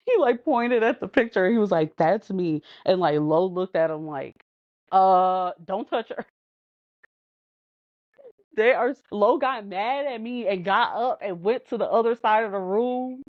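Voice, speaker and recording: A woman guest on a podcast, telling lively stories and acting out what others said, laughing often. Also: mid-range voice, unhurried, long pauses, no room sound. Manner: animated, acts out quotes with laughs. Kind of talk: casual storytelling chat. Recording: dull, lo-fi podcast audio.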